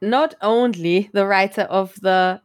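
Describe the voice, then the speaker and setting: A woman's voice: mid-range voice, takes it slowly. Giggly bubbly woman hosting a podcast. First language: not English. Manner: bubbly, giggly, self-teasing. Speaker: podcast host. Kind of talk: casual chat.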